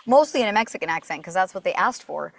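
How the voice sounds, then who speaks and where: As a guest on a podcast, this woman, a voice actor raised in Puerto Rico, tells lively, chatty stories full of fillers in a casual interview. She talks fast in a creaky, medium-pitched voice, with no echo.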